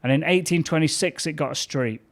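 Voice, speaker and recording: A young man from talks in relaxed podcast chat. He turns animated and laughing as he tells his stories, his clear. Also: a little high, fairly quick. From England. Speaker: comedian guest. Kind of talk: casual chat.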